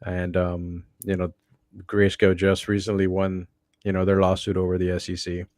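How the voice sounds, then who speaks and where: Male co-host, deep flat voice, laid-back casual chat, dry sound. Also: normal speed, dry recording. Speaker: podcast co-host.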